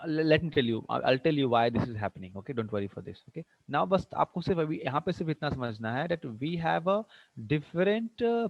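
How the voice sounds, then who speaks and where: A man's voice: fairly high pitch, vocal fry, no room sound, dull audio. A man with an Indian English accent teaching an English class online. He asks many questions, repeats himself, and mixes in Hindi phrases.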